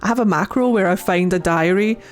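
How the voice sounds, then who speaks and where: A woman's voice: medium pitch, a little fast. A woman streaming a game in a casual, chatty way, reading the dialogue aloud and joking, with many filler likes and frequent giggles. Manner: playful and giggly, with frequent laughs. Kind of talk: casual let's-play commentary, reading game text aloud.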